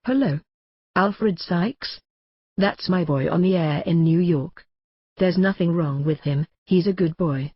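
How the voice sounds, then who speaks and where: A man's voice: on the high side, measured pace, slightly rough, no room sound. A man putting on an impression of an older male president, sounding chummy and patronizing, as if on a phone call. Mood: folksy.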